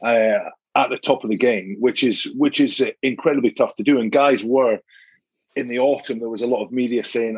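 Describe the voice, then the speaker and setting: A male guest with a husky tone speaks over a dry, muffled remote line. He reasons aloud carefully, often restarting a phrase before he moves on. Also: medium pitch, fairly even intonation, darkish tone, no echo. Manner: measured, reasoning aloud with repeats. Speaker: guest, rugby captain. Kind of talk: casual chat.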